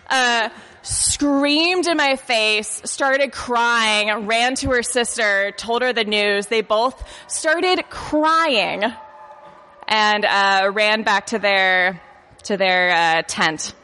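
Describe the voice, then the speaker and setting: A woman in her late twenties telling a funny personal story to a live audience, halting and self-deprecating, often stumbling over her words and laughing at herself. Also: fairly high pitch, pushed and bright, long reverb tail. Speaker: live storyteller on a comedy podcast. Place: comedy festival venue.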